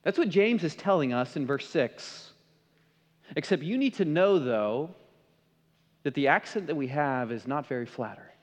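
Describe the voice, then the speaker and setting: A man preaches emphatically, putting questions to his listeners. His voice sits high and swings widely in pitch. The sound rings out with the long reverb of a big hall. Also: expressive, normal speed. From American Midwest. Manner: emphatic, asks the congregation questions. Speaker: pastor. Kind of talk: sermon.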